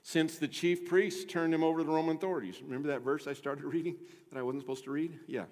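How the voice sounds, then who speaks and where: A middle-aged male pastor preaching a sermon, emphatic, swinging between quiet and loud, questioning the congregation. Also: on the high side, fairly even intonation, fast. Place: church sanctuary. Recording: long reverb of a church hall.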